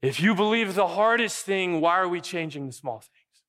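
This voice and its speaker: A man preaching a sermon as pastor, animated and acting out quick imagined dialogue. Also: sits high, in a large hall.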